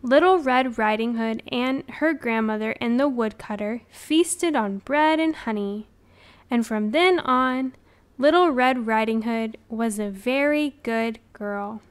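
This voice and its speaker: A woman's voice: on the high side, clean tone. A woman narrating a children's read-along storybook. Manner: slow, deliberate storytelling.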